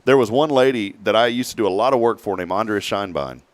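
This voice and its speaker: A man's voice: fairly low pitch, fast, no echo. A man hosting a casual talk show, telling stories and acting out the people in them. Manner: storytelling, animated when quoting people. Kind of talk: casual chat.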